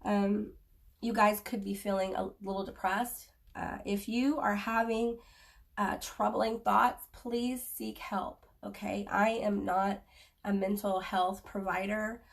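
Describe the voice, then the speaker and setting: A woman giving a spoken tarot reading to viewers, earnest and halting, offering gentle reassurance. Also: medium pitch, little pitch movement, creaky, distant mic. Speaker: tarot reader.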